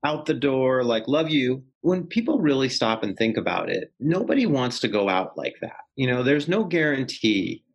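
Reflective man speaking slowly and thoughtfully. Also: medium pitch, very animated, gravelly, breathy edge, muffled recording. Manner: reflective, unhurried speaker who often draws words out and uses many fillers. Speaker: guest expert. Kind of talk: conversational interview.

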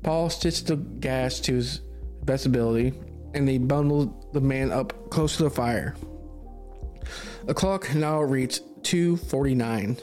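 Male storyteller, mid pitch, steady reading, soft music bed. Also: slow pace. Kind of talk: podcast story narration.

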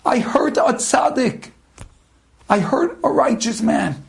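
A remorseful killer cries out in a high, anguished shout, as a man acts him out. He sounds frantic and overwhelmed with guilt. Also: sing-song, slow pace, gravelly, exaggerated voice.

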